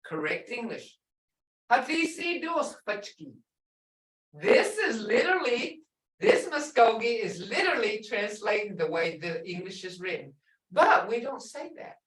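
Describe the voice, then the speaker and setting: A middle-aged woman teaching a language class, drawing out words slowly and carefully as she explains. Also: a little high, recorded from a distance, a little hiss or hum. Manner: lively, drawn-out teaching with slow spelled-out phrases. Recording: echoey room, voice a bit off-mic.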